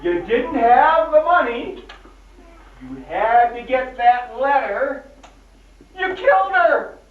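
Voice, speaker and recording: A slow drawling sheriff. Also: male voice, very high-pitched, sing-song, heavily acted. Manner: slow, drawling, dry and mocking. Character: slow drawling small-town male sheriff. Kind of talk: 1940s film acting. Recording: echoey, distant, dull old film soundtrack.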